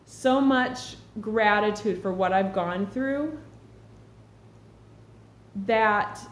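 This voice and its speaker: Speaking very slowly at a medium pitch, a woman shares earnest, reflective thoughts to camera in her casual spiritual vlog. An echoey room and faint background hum surround her.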